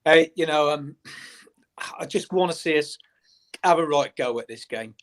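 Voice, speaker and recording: A man's voice: a little high, moderate pace, fairly bright tone. A man giving earnest, plain-spoken thoughts as a guest pundit on a live fan show.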